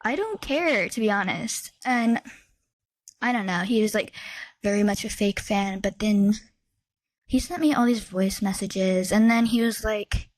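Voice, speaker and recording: A woman's voice: mid-range voice, measured pace, dry recording. A woman in her twenties from the Midwestern US, co-hosting a podcast in casual chat, telling stories animatedly and saying "like" a lot. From Midwestern United States. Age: 20s. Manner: animated storytelling, heavy use of "like". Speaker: podcast co-host.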